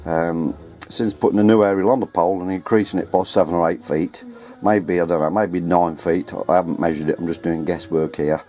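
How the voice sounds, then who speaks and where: Working on ladders and in the garden at home, a radio hobbyist vlogger keeps up a casual, chatty commentary to his handheld camera, rambling and correcting himself. His voice sits low and warm, with fairly even intonation, and he talks briskly with few pauses. Audio is from the handheld camera mic.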